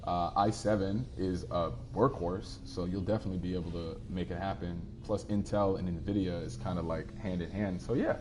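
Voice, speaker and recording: While playing a game on stream, an easygoing man wanders through casual replies to viewer comments. He speaks in a low, steady voice at a moderate pace with hardly any pauses, over background noise.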